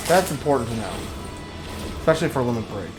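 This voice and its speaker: A man's voice: mid-range voice, fast, reverberant, over music. A man streaming a video game, chatting casually and reading the game's lines aloud. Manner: relaxed, reads game dialogue aloud. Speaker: gaming streamer. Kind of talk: casual gameplay commentary.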